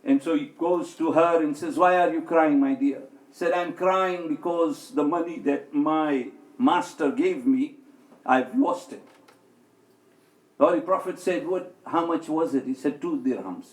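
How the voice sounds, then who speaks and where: A man with a high voice gives a sermon in a large hall, and the room is roomy and echoing. He tells stories and acts out each speaker, rising and falling sharply in pitch and volume. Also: unhurried. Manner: tells stories, acting out quoted speech with swings of pitch and loudness. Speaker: speaker at an Islamic center. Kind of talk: sermon with storytelling. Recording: echoey hall.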